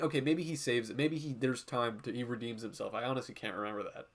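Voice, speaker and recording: A male art streamer chatting loosely on a livestream as he draws, his voice sitting at an ordinary middle pitch. He swears freely, drifts off on tangents and keeps coming back to the drawing. He often slips into animated quoted voices to act out what people said. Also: brisk. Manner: rambling and profane, jumping between tangents. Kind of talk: casual livestream chat while drawing.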